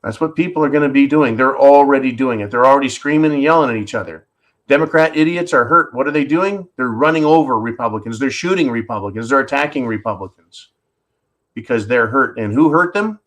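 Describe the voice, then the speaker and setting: A man of middle pitch delivering ranting commentary on a livestream. He talks bluntly and swears often, addressing his audience directly. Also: lively intonation, fairly quick, a bit bright. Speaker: livestream host.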